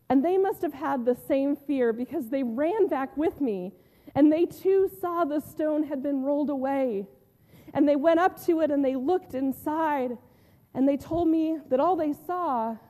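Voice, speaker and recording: A pastor doing an earnest woman disciple, recounting her loss slowly and intimately in a high, mellow voice. The telling is unhurried, full of pauses that let each line settle. Her voice rings out with a long church reverb behind it. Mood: anxious. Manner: heartfelt storytelling with long pauses and soft drops. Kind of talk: first-person dramatic retelling in a sermon.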